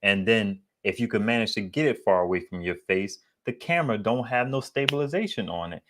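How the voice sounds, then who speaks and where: A man with a deep, bassy voice chatting casually to his viewers about solar gear, rambling and slangy. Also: animated, fairly quick, background noise. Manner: rambling, digressive, slangy and candid. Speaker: solar equipment YouTuber. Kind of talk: casual vlog chat.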